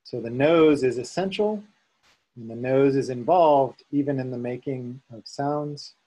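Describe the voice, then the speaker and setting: Slow, calm male Sanskrit teacher. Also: medium pitch, slightly rough, low-quality recording. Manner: calm, unhurried, chants tones for students to repeat. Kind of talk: slow guided chanting lesson.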